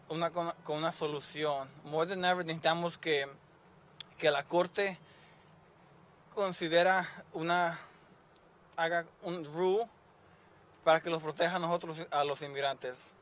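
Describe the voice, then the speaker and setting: A young man speaking at an outdoor rally as named plaintiff, halting and emotional, moving between English and Spanish. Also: on the high side, fairly bright tone. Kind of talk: emotional public speech. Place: outdoor rally outside a courthouse.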